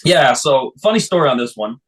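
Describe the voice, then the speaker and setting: Man telling a lively story. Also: medium pitch, fairly quick, low-quality recording. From Texas. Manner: animated anecdotal storytelling, acts out phone calls. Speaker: football official, guest. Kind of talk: storytelling interview.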